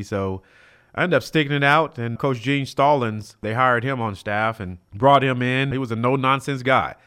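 Middle-aged man, a former college athlete, a guest storyteller from South Central LA. Mid-pitched, chatty, acts out the quotes. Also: normal speed, clean tone. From South Central Los Angeles. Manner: animated, acts out quoted dialogue, many fillers like "you know". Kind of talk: storytelling in a casual interview.

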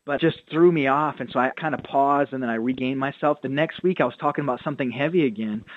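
Speaking quickly at a medium pitch, this man comes through a tinny phone line with no room sound. He's a pastor and author guesting on a radio interview, earnestly recounting stories and performing the quotes within them.

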